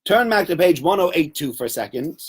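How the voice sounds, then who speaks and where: A man's voice: fairly high pitch, expressive, brisk, husky. A man giving a Torah lesson to a class, telling stories with animation and acting out quotes. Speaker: Torah teacher.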